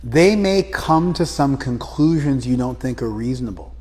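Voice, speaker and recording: A man's voice: mid-range voice, expressive, moderate pace, darkish tone, slightly rough, in a large hall. A man leading a scripture class, probing his students with repeated questions. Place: class room, some students joining by phone.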